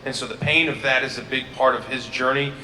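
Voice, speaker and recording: A man's voice: mid-range voice, fairly even intonation, a little fast, bright, forceful tone. A man on a convention panel who speaks earnestly and searches for his words. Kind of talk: panel talk. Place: large convention hall. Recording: echoey hall recorded from far off, crowd noise.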